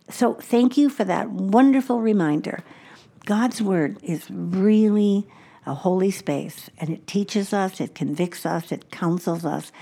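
Expressive woman Bible teacher in a studio. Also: mid-range voice. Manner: expressive, swings between emphatic exclamations and soft, hushed asides.

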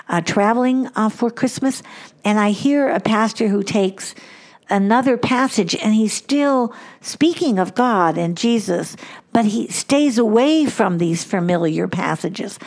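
A woman's voice: mid-range voice, creaky, darkish tone. An older woman hosting a devotional podcast, talking in an earnest, reflective way and repeating words for emphasis. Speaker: podcast host.

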